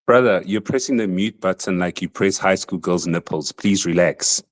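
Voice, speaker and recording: A man's voice: sits low, moderate pace, dry recording. A man calling in to a talk show, arguing in an accusatory, needling way. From South Africa. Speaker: caller. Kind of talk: heated call-in argument.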